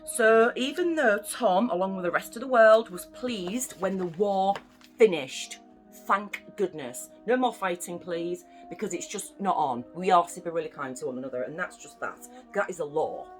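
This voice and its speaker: A young woman from the UK reads a children's bedtime story in a chatty, playful way, breaking off for asides to her young listeners. Her delivery is very animated, with wide swings in pitch. Faint music plays softly behind her. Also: moderate pace. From United Kingdom.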